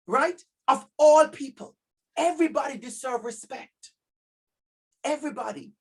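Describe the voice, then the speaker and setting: A man's voice: very high voice, breathy edge. Emphatic Jamaican man giving a talk. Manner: emphatic, repeats key words, calls out audience names. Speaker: keynote speaker at a parent conference. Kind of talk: lively workshop presentation.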